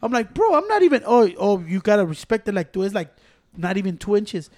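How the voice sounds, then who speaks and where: A man's voice: sits high, a little fast, darkish tone. A man, ranting heatedly and profanely in casual podcast chat.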